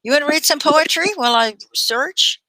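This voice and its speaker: A woman from Texas with a Texan accent, hosting a casual live English lesson, chatty and quick to laugh as she sounds words out. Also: sits high, pushed and bright, no room sound. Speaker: ESL teacher and host.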